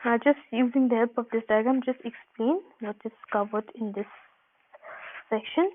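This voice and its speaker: A woman geography teacher, giving a recorded class lecture in an explanatory manner, restating points and pausing with "uh" and "um". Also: on the high side. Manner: explanatory, repeats points, frequent "uh" and "um". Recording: tinny phone-like audio.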